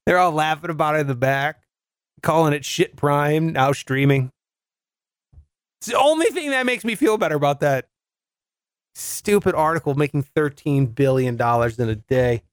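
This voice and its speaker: A man's voice: on the high side, moderate pace, smooth, no room sound, clean studio sound. A man riffing comically on news stories in a loose, joking way, laughing between his lines.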